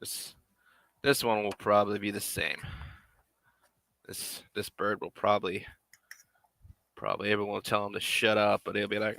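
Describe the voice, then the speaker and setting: A man's voice: fairly low pitch, level tone, moderate pace, vocal fry, long pauses, bright, forceful tone, no echo. A man making a puppet on a live stream, rambling casually and half to himself as he works. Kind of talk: casual live-stream chat while working.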